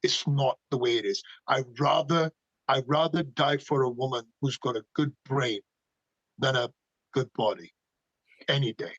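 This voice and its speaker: A man's voice: medium pitch, measured pace, fairly bright tone, no echo, dull audio. A man speaking passionately as a podcast guest, firing off emphatic rhetorical questions. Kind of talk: animated conversational opinions.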